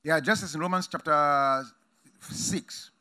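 A man preaching a sermon emphatically, swinging between loud exclamations and quiet asides. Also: a little high, slow pace, clear, resonant tone. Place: conference hall.

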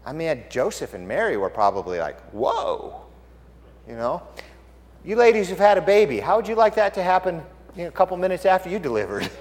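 Pastor, male, lively high voice, dramatic hushed-to-loud delivery, reverberant church hall. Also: fast, slight background noise. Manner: animated storytelling, swinging from hushed to loud. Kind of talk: sermon.

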